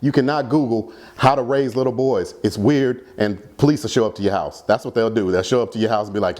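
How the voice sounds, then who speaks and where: A man's voice: medium pitch, fast, few pauses, a little mellow. A man performing stand-up comedy about his kids, with a rambling, self-deprecating delivery.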